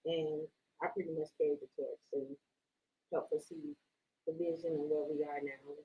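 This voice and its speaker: A woman's voice: sits low, very animated, normal speed, vocal fry, breathy edge, dull audio. A woman being interviewed as a guest on a radio talk show about her nonprofit, talking plainly.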